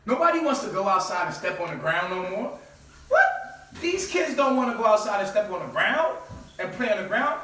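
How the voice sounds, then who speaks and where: A man's voice: sits high, very animated, fairly quick, bright, forceful tone. A man hosting his own channel, giving a profane, preachy lecture full of rhetorical questions. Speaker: channel host. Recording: very echoey room, far from mic.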